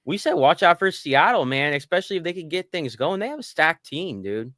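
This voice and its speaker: Excitable sports-fan man, dry sound. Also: on the high side, a little fast, no echo. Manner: animated storytelling, swears casually. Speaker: podcast co-host. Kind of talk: casual sports chat.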